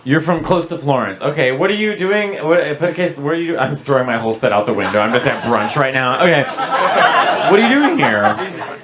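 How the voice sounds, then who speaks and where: A man doing stand-up crowd work, teasing the audience quickly and laughing often. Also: medium pitch, lively intonation. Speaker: stand-up comedian.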